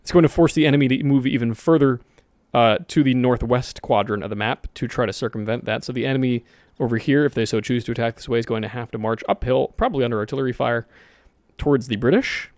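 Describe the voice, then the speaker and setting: A man's voice: mid-range voice, fast talker, darkish tone, no room sound. A man giving casual, rambling commentary over a strategy game, correcting himself often and dropping jokey asides. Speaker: gaming video host.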